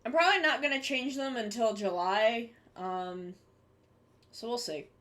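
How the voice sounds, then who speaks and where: A woman's voice: fairly high pitch, a little slow, a bit bright. A young woman streaming live, chatting casually with her viewers while she draws, rambling and swearing offhandedly.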